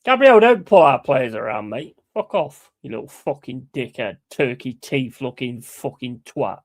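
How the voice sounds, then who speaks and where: A man hosting a football watch-along, calling play-by-play in a blunt, excitable and heavily sweary way. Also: medium pitch, normal speed. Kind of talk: live match commentary.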